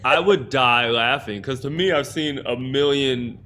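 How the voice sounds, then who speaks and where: A man's voice: medium pitch, unhurried, sharp tone. A man who hosts a comedy club, chatting casually, telling stories, laughing a lot and acting out quotes. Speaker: comedy club host, runs open mic. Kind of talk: casual chat.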